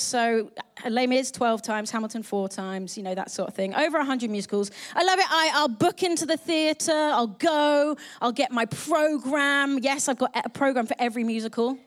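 A young woman pastor giving a live sermon in a bubbly, chatty, self-mocking way. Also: high-pitched.

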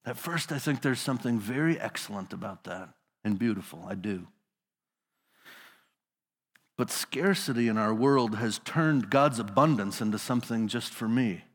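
A man's voice: mid-range voice, lively intonation, moderate pace, big-room sound. A male pastor preaching a sermon in a casual storytelling manner, putting his listeners into the scene.

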